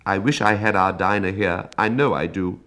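A man's voice: low voice, normal speed, a bit bright. A man voicing Alice, a polite and eager young girl in a storybook. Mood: earnest. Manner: humble and eager. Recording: reading over clear music.

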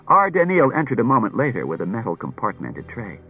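A man narrating a dramatic story with an animated, expressive reading, heard through a tinny old radio broadcast. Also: mid-range voice, a little fast, slightly rough, faint music behind.

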